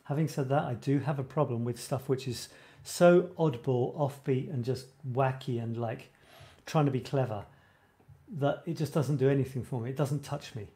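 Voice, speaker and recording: A man's voice: medium pitch, normal speed, dark tone. A man hosting a live writing show, chatting casually in a rambling way, often breaking off mid-sentence and laughing at himself. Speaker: host of a creative writing show. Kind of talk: casual live-stream chat.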